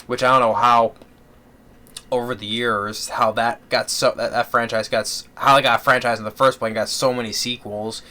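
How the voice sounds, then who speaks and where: A man's voice: medium pitch, little pitch movement, normal speed, pushed and bright. A man giving a casual spoken movie review, rambling with many fillers and restarts.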